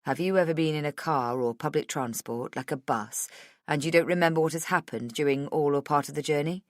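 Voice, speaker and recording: A woman voicing a calm, gentle middle-aged male doctor in an audiobook, asking questions softly and slowly. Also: sits low, dry recording, studio quality, close to an everyday voice. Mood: gentle, clinical. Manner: soft, slow, reassuring questioning. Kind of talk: audiobook dialogue.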